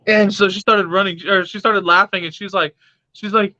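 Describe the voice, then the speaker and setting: A young man tells a rowdy story, cursing freely and acting out what others said. His voice sits high and bright. The sound is dry and muffled, like a cheap recording. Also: moderate pace, long pauses, dry recording. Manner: profane, laughing, animated retelling with quoted voices. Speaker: pet vlogger. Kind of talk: casual storytelling. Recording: dull lo-fi sound.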